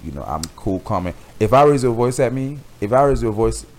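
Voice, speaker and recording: A man's voice: mid-range voice, very animated, a little fast, darkish tone. A young man from Miami chatting casually, laid-back, using street slang and swearing freely. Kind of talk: casual chat.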